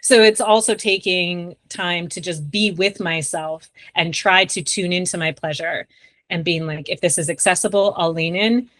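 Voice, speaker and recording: A young woman talks casually as a podcast guest, her voice sitting a little low for a woman. She rambles warmly through fillers like "like" and "um". The sound is dry and close, with no room echo. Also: normal speed. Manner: chatty, frequent "like" and "um". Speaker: sex therapist, podcast guest.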